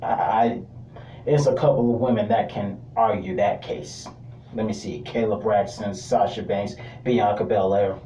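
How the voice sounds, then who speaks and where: A man's voice: on the low side, steady tone, measured pace, mellow, roomy sound, recorded from a distance, a little hiss or hum, poor audio. A man reviewing a wrestling show in a casual, joking commentary with informal asides.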